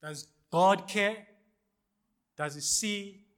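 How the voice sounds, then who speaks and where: Speaking very slowly in a high voice, a male pastor preaches and calls out for responses from the congregation. His lines alternate between loud and hushed.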